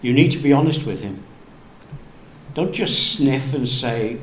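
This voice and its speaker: A male pastor preaching a sermon slowly and deliberately, dropping to hushed tones for emphasis. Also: mid-range voice. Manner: slow, deliberate preaching with hushed dramatic drops. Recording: echoey room with faint background noise.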